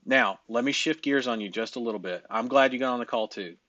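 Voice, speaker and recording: A man's voice: medium pitch, brisk, a bit bright, no echo, muffled recording. A man coaching on a casual group call, emphatic and loose-talking, swearing and laughing often.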